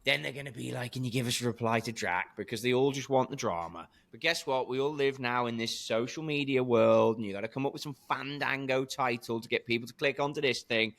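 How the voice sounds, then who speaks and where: A man hosting a golf podcast, chatting in a playful, animated, slangy way. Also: mid-range voice, fairly quick, vocal fry, hardly any pauses. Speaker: podcast host. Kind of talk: casual podcast banter.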